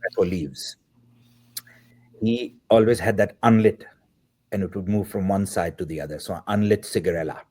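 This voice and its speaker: Speaking low and at a moderate pace with long pauses, this guest, a filmmaker in his fifties, has a darkish tone. He reflects on a personal story, performing the dialogue as he recounts it, with occasional fillers.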